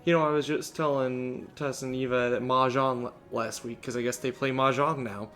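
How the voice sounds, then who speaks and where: A man's voice: medium pitch, fairly even intonation, moderate pace, a bit bright, close to an everyday voice. A sick man reading a sly, wisecracking male rogue trader from a video game, teasing as he drawls.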